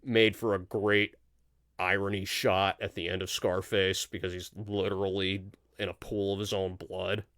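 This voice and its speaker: Smooth, low-voiced man hosting a chat. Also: level tone, moderate pace, a bit bright, dry recording, studio quality. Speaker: podcast host. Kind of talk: casual live-show chat.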